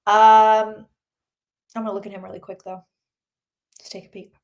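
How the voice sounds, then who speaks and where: A woman's voice: mid-range voice, flat delivery, moderate pace, darkish tone, highs cut off. A woman, a psychic reader, chatting through a live-streamed tarot reading and answering questions from the chat.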